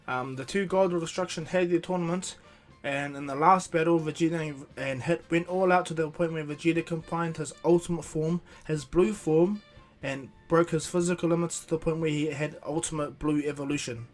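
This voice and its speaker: A man's voice: on the high side, normal speed, faint music behind. A man casually improvising a fan what-if story, rambling along with restarts and breaking into voices.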